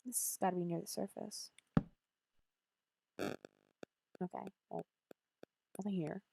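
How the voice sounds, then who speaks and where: A woman's voice: on the low side, fairly even intonation, takes it slowly, creaky, pauses often, warm tone, slight background noise. A woman streaming a game, chatting casually with playful sarcasm and silly beep-boop noises.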